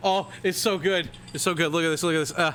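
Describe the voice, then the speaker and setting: A young man on a stream is a fast talker with a voice on the high side, fairly even in intonation and a bit bright. He chats and rambles about movies, cursing freely, laughing often, scatting, and mimicking lines. There's a little hiss or hum.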